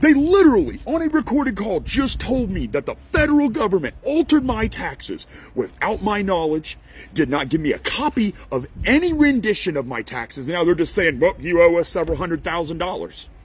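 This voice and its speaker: A man's voice: high voice, huge pitch swings, normal speed, breathy edge, muffled recording. An angry man, a farmer and small business owner, ranting to camera in a heated, indignant, exasperated way.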